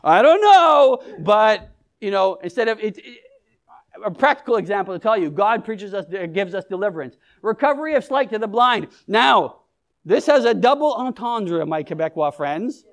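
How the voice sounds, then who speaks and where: A man's voice: high-pitched, expressive, normal speed, fairly bright tone. A man preaching a conversational sermon as pastor, often asking the congregation questions and joking with them. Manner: engages the congregation with questions and humor.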